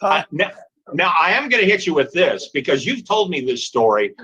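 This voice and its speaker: A man's voice: on the high side, big pitch swings, normal speed, bright, forceful tone, slightly rough, muffled recording. A man hosting a sports talk show, eagerly prompting his guest to tell a favorite story. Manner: enthusiastic, prompting questions. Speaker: show host. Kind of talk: casual sports interview.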